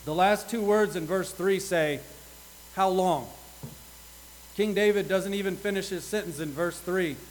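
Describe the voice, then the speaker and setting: A man with a high voice preaches an earnest sermon to his congregation. He reads scripture aloud with rising intensity. A faint hum sits underneath the recording. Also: measured pace, pauses often, low-quality recording.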